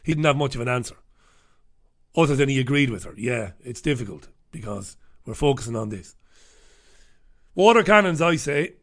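A man's voice: mid-range voice, a little fast. A man hosting a radio show, delivering an angry, sarcastic monologue full of swearing. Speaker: radio host. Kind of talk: ranting monologue.

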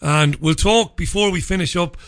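A man's voice: high voice, moderate pace, fairly bright tone. An Irish man hosting a talk radio show, chatty and jokey as he reads out listener tweets. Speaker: radio host.

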